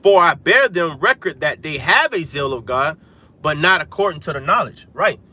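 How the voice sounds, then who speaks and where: A man's voice: a little high, expressive, normal speed, pushed and bright. A man hosting a livestream, preaching in a casual, emphatic way and filling his lines with "man" and "hey". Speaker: livestream host preaching to viewers. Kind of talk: casual religious street-preaching talk. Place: inside a vehicle.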